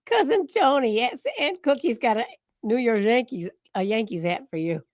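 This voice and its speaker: A woman's voice: on the high side, expressive, moderate pace, darkish tone, no echo, studio quality. A woman co-hosting a casual livestream chat, mostly giving short reactions and laughing along. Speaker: livestream co-host.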